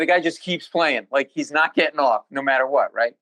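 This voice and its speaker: Animated male comedian telling stories. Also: medium pitch, a little fast, few pauses, poor audio. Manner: animated, jokey storyteller. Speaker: comedian guest. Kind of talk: storytelling in a podcast interview.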